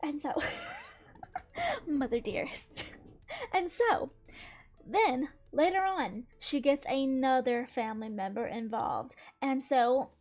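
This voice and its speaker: A young woman hosting a gaming channel, telling a story in casual chat with an exasperated, animated manner and frequent laughs. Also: high-pitched, slow, pauses often.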